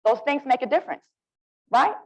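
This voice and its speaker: Lively Southern woman leading a workshop. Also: high-pitched, fairly quick, highs cut off. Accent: Southern US, Alabama. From Alabama. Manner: lively, coaxing, addresses audience as y'all. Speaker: literacy presenter. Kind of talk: interactive workshop talk.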